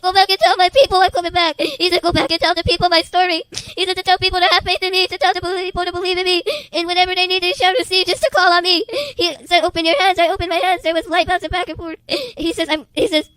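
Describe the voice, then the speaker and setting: A woman's voice: very high voice, quick pace, few pauses, fairly bright tone, poor audio. A woman giving an emotional religious testimony, tearful and repetitive, often breaking into crying.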